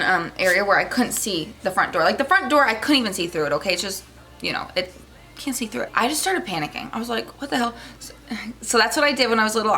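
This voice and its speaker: A young woman vlogger casually telling a rambling story to her viewers, with lots of fillers. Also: mid-range voice. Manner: animated, rambling, with many fillers.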